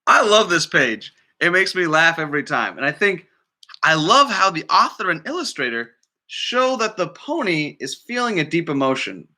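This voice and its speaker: A man's voice: a little high, very animated, moderate pace, sharp tone. A man working as a librarian, reading a picture book aloud to children in a chatty way and asking listeners questions.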